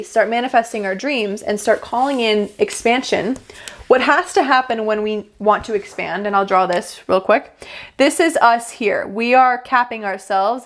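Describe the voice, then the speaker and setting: A woman coaching her viewers on manifestation, explaining a simple drawing as she goes. Her voice sits on the higher side, and her delivery is chatty, upbeat and full of casual fillers.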